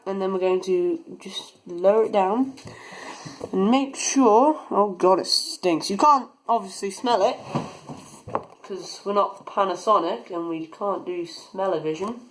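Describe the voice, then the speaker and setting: Chatty young rocketry hobbyist. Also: male voice, high-pitched, a little hiss or hum, low-quality recording. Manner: chatty, rambling, talks while working. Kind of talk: casual build tutorial. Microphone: phone camera.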